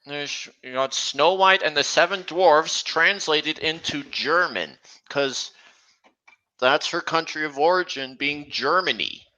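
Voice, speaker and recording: A man chatting casually on a stream, talking slowly and haltingly with frequent restarts. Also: fairly high pitch, sharp tone, poor audio. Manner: halting, many restarts, slow and meandering. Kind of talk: casual chat.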